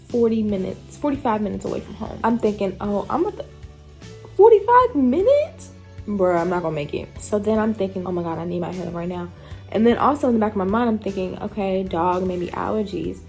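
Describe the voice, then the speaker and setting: Chatty woman vlogger with a gravelly edge. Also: medium pitch, darkish tone. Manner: chatty retelling, acting out her own inner thoughts. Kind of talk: casual storytime vlog.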